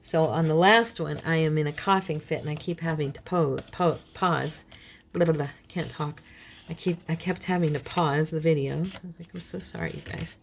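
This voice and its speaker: A woman hosting a casual crafting tutorial, chatting and talking to herself as she works, with a frog in her throat that keeps her clearing it. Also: sits low, moderate pace, a little hiss or hum. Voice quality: chatty, talks to herself while working. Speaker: craft channel host.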